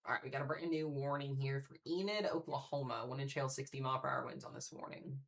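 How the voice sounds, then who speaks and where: A man's voice: medium pitch, fairly even intonation, quick pace, creaky, a bit bright. A man hosting a live severe weather stream, chatting casually with viewers while he reads out warnings. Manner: casual, chatty, talks straight to viewers in the chat. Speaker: livestream weather host.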